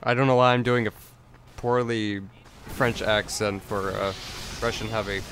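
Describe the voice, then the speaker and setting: Rambling low-voiced gamer man. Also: steady tone, moderate pace, noisy background. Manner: rambling, stammering restarts and chuckles. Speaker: let's play gamer. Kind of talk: let's play commentary.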